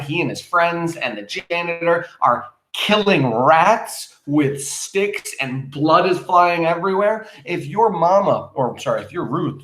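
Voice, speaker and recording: A male teacher reading a play aloud and explaining it to his students, in an animated way, speaking straight to the class. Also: medium pitch, echoey room.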